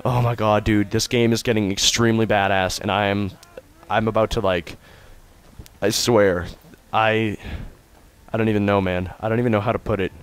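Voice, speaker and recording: A young man doing let's play commentary from his room, goofy and hyperactive, breaking into sudden shouts. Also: on the low side, steady tone, normal speed, clear, resonant tone. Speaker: gamer host.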